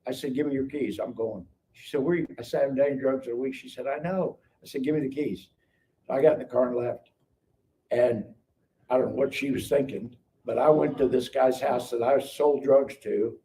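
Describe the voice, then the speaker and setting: A man's voice: mid-range voice, steady tone, a little fast, mellow. A man, telling his life story as a guest and acting out the dialogue. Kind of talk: casual testimony storytelling. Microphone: live stream call mic. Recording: distant mic with faint noise.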